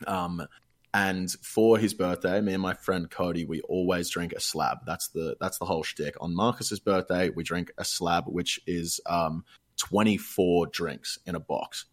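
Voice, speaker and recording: A man's voice: deep voice, fairly even intonation, a little slow. A young Australian man telling a long story in a casual chat, rambling and swearing freely.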